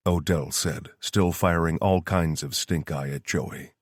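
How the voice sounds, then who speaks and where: A man reading an audiobook in steady, scripted narration. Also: low voice, measured pace, hardly any pauses, dry recording, studio quality.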